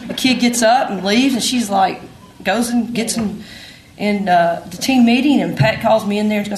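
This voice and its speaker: A woman, an assistant coach telling a story with animated acted-out quotes. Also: medium pitch, moderate pace. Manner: animated, acts out quotes with laughs. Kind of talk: storytelling at an event. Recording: roomy echo, faint noise.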